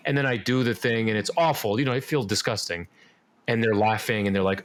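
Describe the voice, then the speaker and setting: A man's voice: on the low side, fairly quick, a bit bright. A man speaking as a podcast guest in casual interview chat, rambling with lots of fillers and restarts. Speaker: podcast guest, musician and actor.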